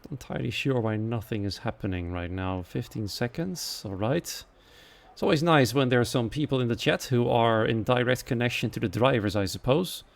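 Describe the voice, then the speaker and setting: A man's voice: mid-range voice, normal speed, vocal fry. A man from the Netherlands with a Dutch accent, commentating a live sim racing event and reading out the chat. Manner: quiet and chatty while waiting, lively and louder once the race starts.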